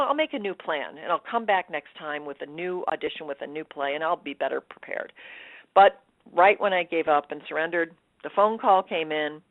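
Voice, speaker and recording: A woman telling her story as a radio interview guest, animated and laughing, acting out her own thoughts. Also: sits low, dry recording. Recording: dry tinny phone line.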